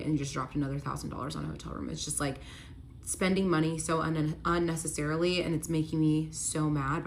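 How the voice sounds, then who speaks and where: Young woman storyteller, lowish voice, chatty "like"-heavy retelling, light background hiss. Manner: animated retelling with many "like" fillers, quoting both sides of arguments. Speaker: storyteller recounting her relationship. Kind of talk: casual storytelling.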